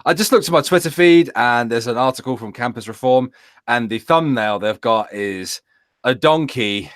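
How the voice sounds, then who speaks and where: Animated man co-hosting, dry sound. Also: medium pitch, normal speed, no room sound. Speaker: co-host. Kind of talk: casual chat.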